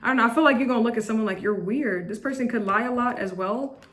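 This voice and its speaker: A woman's voice: fairly high pitch, rapid-fire, fairly bright tone. A woman giving a casual tarot reading to camera, chatty and blunt, with lots of restarts and fillers. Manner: chatty, repetitive, with frequent restarts and "like"; blunt and judgmental. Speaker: tarot reader.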